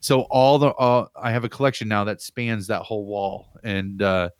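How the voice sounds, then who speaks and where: A man in casual chat, telling an animated, rambling story from his home on a video call. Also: fairly low pitch, normal speed, clean tone, no echo, clean studio sound. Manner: animated, rambling, laughs while telling stories. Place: home room with pinball machines.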